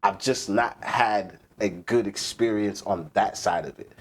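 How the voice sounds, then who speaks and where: A man from the East Coast US with a fairly low voice hosts a relaxed live stream. He talks casually and profanely, riffing on topics and answering his chat as he goes. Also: measured pace. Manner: profane, animated, rants and reads chat aloud. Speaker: livestream host.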